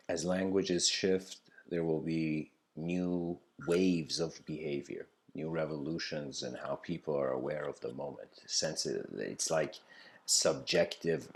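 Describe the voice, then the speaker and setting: A man giving an improvised lecture that mixes a story with reflection, talking loosely with lots of fillers. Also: rumbling low. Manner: loose, filler-heavy, with frequent "you know".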